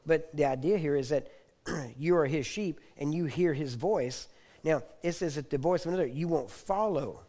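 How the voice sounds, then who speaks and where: A man teaching a sermon, often checking in with his listeners and clearing his throat now and then. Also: a little high, moderate pace, warm tone. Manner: repetitive, asks the audience for agreement. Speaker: preacher.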